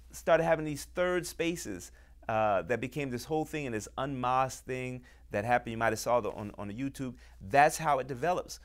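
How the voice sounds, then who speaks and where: A man hosting a show, talking with deep emotion and passion, acting out quoted voices as he makes his points. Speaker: host. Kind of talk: impassioned talk to camera.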